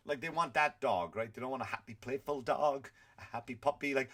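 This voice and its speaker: A man's voice: mid-range voice, a little fast, fairly bright tone. A man hosting a comedy podcast, ranting in a profane, conversational way. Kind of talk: comedic rant.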